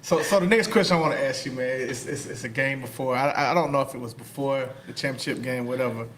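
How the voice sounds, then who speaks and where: A man's voice: mid-range voice, fast talker, fairly bright tone, a little hiss or hum. A man hosting a casual podcast interview, asking loose, rambling questions with fillers. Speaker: podcast host.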